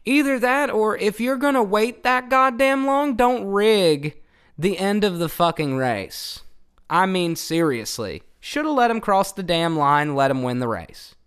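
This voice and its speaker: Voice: medium pitch, animated, unhurried, a bit bright, smooth. A channel host delivering a profane, heated rant, swearing often, repeating points for emphasis and talking straight to the viewers. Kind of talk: profane old-school rant to camera.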